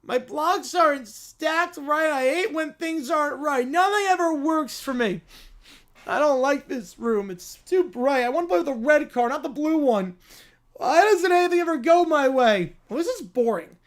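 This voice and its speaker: A synthetic voice playing a jealous, spoiled little girl who whines and shouts her complaints. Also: animated, normal speed. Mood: sulky. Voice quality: high, whining and petulant. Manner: sulky complaining, outbursts of shouting.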